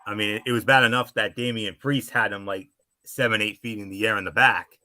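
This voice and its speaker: A man's voice: lowish voice, fairly even intonation, brisk, pushed and bright, no room sound. A man co-hosting a casual wrestling recap podcast, chatty and full of fillers as he breaks down the matches. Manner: chatty, with frequent fillers and restarts. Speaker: wrestling show co-host and analyst.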